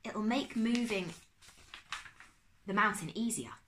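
A woman voicing a bold, practical girl who speaks briskly and decisively, in a read-aloud storybook. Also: mid-range voice, fairly bright tone, slight background noise, pitched above the performer's own voice.

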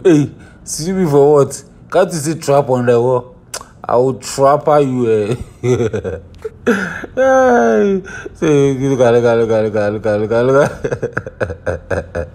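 A man with a Nigerian accent giving laughing reaction commentary, excitable and teasing, breaking into chuckles between remarks. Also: medium pitch, slow pace. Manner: chuckling, excitable, teasing, Pidgin-sprinkled asides. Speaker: reaction vlogger.

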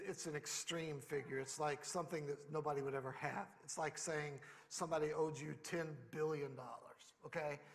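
A man's voice: a little high, fairly bright tone, long reverb tail. A man preaching a sermon as pastor, conversational and emphatic, rising in bursts. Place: church sanctuary.

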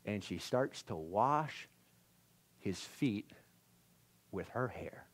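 A male pastor giving a conversational sermon in a church service, swinging from loud exclamations to hushed near-whispers and laughing at himself. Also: lowish voice, lively intonation, extremely slow, a little hiss or hum.

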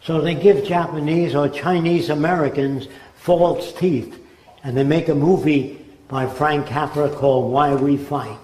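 Older man, lecture, emphatic, mellow voice, slightly high pitch, roomy echo. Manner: emphatic, slips into mimicked voices. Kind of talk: spoken lecture.

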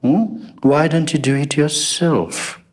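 A cheeky, blunt sailor, as a man puts him on, pushed up high and slowed into mocking disbelief. The low, slow storyteller jumps well above his own pitch for this part. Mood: incredulous. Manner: incredulous, mocking.

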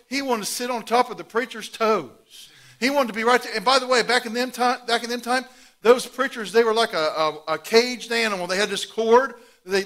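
Preaching as pastor, a middle-aged man with a voice that sits high tells stories in his sermon, animatedly alternating loud outbursts with hushed asides.

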